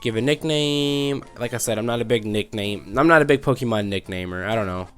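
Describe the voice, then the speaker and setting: A man's voice: mid-range voice, fairly quick, faint music behind. A young man in his twenties telling a rambling childhood story while commenting on a game he plays, often losing his track mid-sentence. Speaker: let's play host. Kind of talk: casual gameplay commentary with storytelling.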